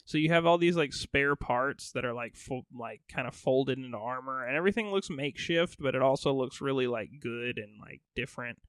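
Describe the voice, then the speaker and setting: A man's voice: medium pitch, a little fast, few pauses, a bit bright, dry recording. A young man co-hosting a gaming podcast in casual chat, laid-back and peppering his talk with "like" and swearing. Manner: laid-back, filler-heavy with lots of "like" and swearing. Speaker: podcast co-host.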